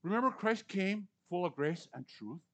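A man in his sixties preaching a conversational sermon, repeating words for emphasis and swinging between loud and hushed lines. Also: high voice, lively intonation, moderate pace. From Canadian or US prairies. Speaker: pastor.

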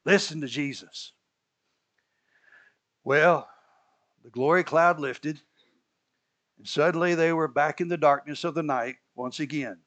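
A male preacher with a slightly raised voice delivers a lively sermon. He moves between plain explanation and excited acted-out lines. He chuckles now and then at his own asides. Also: a little high, measured pace, pauses often. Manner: animated storytelling, acting out biblical characters. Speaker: pastor.

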